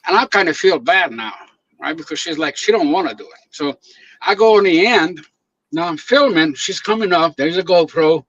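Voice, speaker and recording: Speaking at a moderate pace in a somewhat high voice, a male guest videographer spins stories in relaxed conversation. He performs his quotes with lively character voices and laughs frequently, all captured in dull, dry, lo-fi audio.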